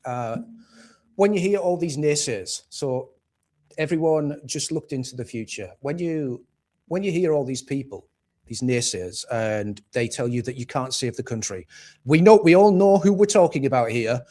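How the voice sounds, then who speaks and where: A man from England rants through his livestream with blunt, profane heat. His voice sits a little higher than usual and keeps climbing as he gets worked up. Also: lively intonation, normal speed, a little mellow. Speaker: livestream host. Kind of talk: casual political rant.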